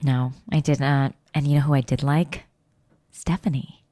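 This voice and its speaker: A woman co-hosting a podcast, chatting casually and gossiping with quick quoted asides. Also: extremely low pitch, fairly even intonation, dark tone, no echo. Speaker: podcast co-host. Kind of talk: casual chat about reality TV.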